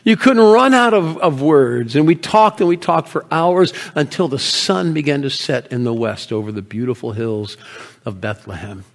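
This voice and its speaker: In an earnest first-person monologue, an actor voices a proud, grieving shepherd of ancient Bethlehem, recounting his tale with feeling and often sinking into hushed tones. His mid-range voice is gravelly, with lively intonation and a moderate pace.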